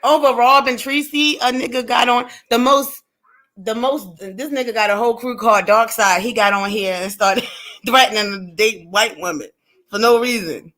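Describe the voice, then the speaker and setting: A woman's voice: fairly high pitch, normal speed, fairly bright tone. A woman co-hosting a live stream in casual chat, talking bluntly and with animation, swearing freely and laughing often. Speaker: livestream co-host.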